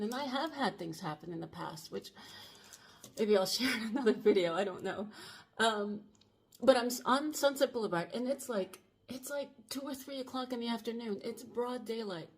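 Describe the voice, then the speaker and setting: A woman around sixty telling a personal story to camera in an earnest, urgent way, shaken and emotional, often stopping and restarting her sentences. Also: fairly high pitch. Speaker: channel host.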